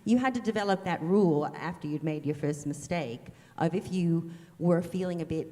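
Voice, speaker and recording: A woman with a fairly low voice moderates a live onstage conversation in a chatty, easy manner. Her words ring with the long reverb of a large auditorium. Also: normal speed, mellow. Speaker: event moderator.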